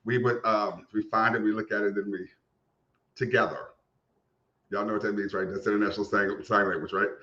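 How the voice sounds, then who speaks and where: A man co-hosting a casual podcast, telling an embarrassing story in a sassy, animated way with swearing. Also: on the low side, fairly quick, reverberant, highs cut off. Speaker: podcast co-host. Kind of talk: casual chat, comic storytelling.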